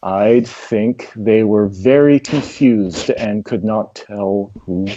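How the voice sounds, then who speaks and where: A woman voicing a sheltered, bookish adventurer who is awkward with people and speaks slowly and hesitantly, taking things literally, in a tabletop role-play. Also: a bass voice, mellow, dry recording, highs cut off, heavily acted. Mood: earnest, puzzled. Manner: slow, hesitant, literal-minded.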